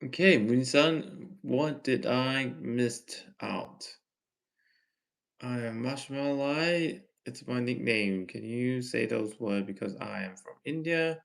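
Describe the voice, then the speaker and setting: A man with a Malaysian English accent, reading chat messages aloud on his livestream and answering them in a gently lecturing way. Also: mid-range voice, slow pace, gravelly. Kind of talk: casual live chat Q&A.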